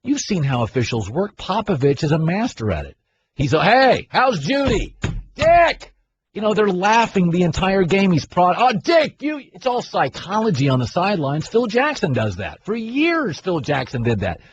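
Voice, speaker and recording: A middle-aged man hosting a sports talk radio show, arguing his opinions in a brash, animated way. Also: sits high, moderate pace. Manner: brash, argumentative, mimics people in loud voices. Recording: dull broadcast audio with faint noise.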